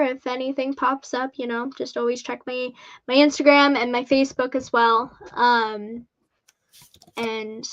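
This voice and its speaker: A woman speaks as an interview guest, upbeat and halting with frequent ums. Her voice is a little high, and the audio sounds dull and lo-fi. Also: sharp tone. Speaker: wrestling guest. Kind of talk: casual interview chat.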